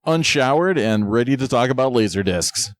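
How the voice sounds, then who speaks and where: A man's voice: mid-range voice, lively intonation, moderate pace, dry recording, clean studio sound. A man co-hosting a podcast in casual banter, enthusiastic and playfully combative about films. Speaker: podcast co-host.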